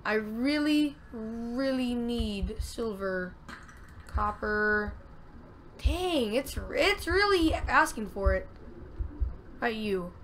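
A woman giving casual gameplay commentary, excitable and talking to herself, with loud frustrated outbursts. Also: fairly high pitch, slight background noise. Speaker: let's play gamer.

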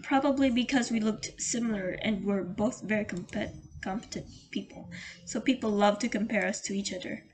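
A woman's voice: medium pitch, noisy background, close to an everyday voice. A woman reading as a formal male therapist. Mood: measured. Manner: polite, measured, formal reading.

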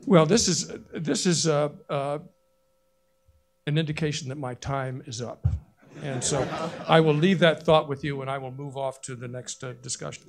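Male panelist, fairly high gravelly voice, has a cold, tells stories with energy. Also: normal speed. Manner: storytelling, animated retelling of quotes. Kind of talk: conference panel talk.

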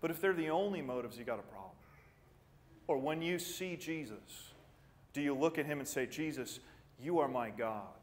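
A man preaching a sermon as pastor, earnest and animated, jumping up in pitch for emphasis and then dropping quiet, often repeating words as he starts a thought. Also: normal speed, pauses often. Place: church sanctuary. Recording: church sanctuary with long reverb.

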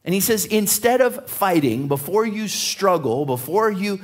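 A man preaching a sermon as pastor, telling anecdotes and reading scripture aloud in an animated way, often laughing and stumbling over repeated words. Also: high-pitched, a little slow. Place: church sanctuary.

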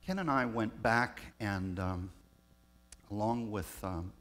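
A man, a pastor raised in Southern California, telling personal stories in a reflective sermon with pauses. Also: fairly low pitch, a bit bright. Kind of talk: storytelling sermon.

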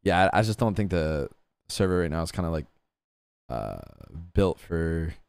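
A man's voice: low voice, animated, moderate pace, vocal fry, clean tone, dry recording. A young man chatting casually as a guest, rambling with lots of fillers and casual swearing. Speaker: guest streamer. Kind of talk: casual chat about roleplay gaming.

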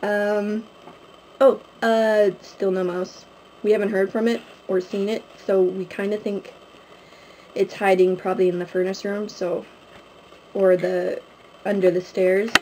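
Young woman, casual home vlog, mellow rambling chat, faint room hum. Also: medium pitch, level tone, measured pace, poor audio. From Canada. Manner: rambling, chatty, many fillers. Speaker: vlogger. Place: at home, indoors. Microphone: handheld camera, close.

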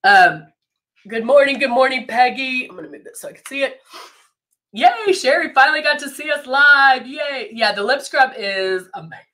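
A woman's voice: high-pitched, animated, normal speed, pushed and bright. A woman with a stuffed-up nose from a cold, hosting a live makeup tutorial in a chatty way, greeting viewers by name and laughing often. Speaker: brand educator hosting a live makeup demo.

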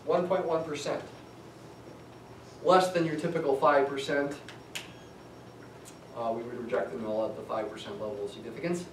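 A man's voice: medium pitch, fairly even intonation, moderate pace, pauses often. Man lecturing in an echoey classroom. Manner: conversational, thinks aloud with restarts, tells asides. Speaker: statistics lecturer. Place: lecture hall. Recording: echoey classroom, distant mic, faint hum.

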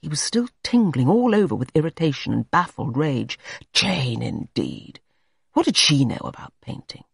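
An audiobook narrator tells a classic story in a lively voice that rises and falls a lot. The voice is a little husky, and the recording is dry and close. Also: mid-range voice, normal speed, no room sound. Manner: expressive storytelling. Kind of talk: scripted narration.

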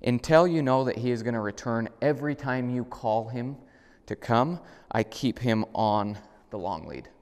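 A middle-aged man, a dog trainer, explaining step by step how to train a dog, now and then praising the dog in a higher voice. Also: moderate pace, a little mellow, smooth. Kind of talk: instructional demonstration. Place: indoors at a home, moving outside. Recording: reverberant room sound.

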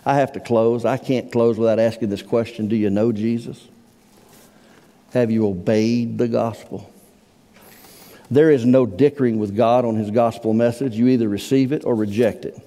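A male pastor preaching a sermon in a church sanctuary, swinging from hushed, slow lines to near-shouted outbursts. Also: medium pitch. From Iowa. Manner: impassioned preaching, swelling to near-shouts on quoted words. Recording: long hall reverb.

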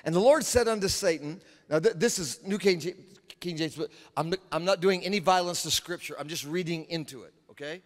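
A male preacher giving an emphatic sermon, with repetitions and dramatic pauses. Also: a little high. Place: large conference hall. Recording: long hall reverb.

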